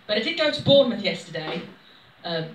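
A woman's voice: medium pitch, big pitch swings, a little fast, slight background noise. Woman with faint Midlands accent, far-off roomy sound. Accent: faint Midlands English. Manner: chatty, with frequent ums. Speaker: poet and former actor. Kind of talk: chat and poetry reading. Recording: roomy, mic at a distance.

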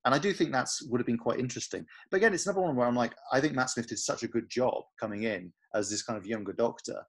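A man co-hosting a podcast, chatting casually and quickly with lots of fillers and hedges. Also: medium pitch, husky. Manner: fast, chatty, hedging with fillers. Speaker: podcast co-host. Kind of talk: casual chat.

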